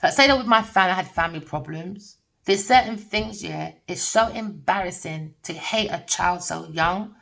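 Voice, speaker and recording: A woman's voice: lowish voice, moderate pace, creaky, fairly bright tone. A middle-aged woman giving a rambling spiritual tarot reading, blunt and swearing freely, often breaking into laughter. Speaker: tarot reader. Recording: voice distant from the mic.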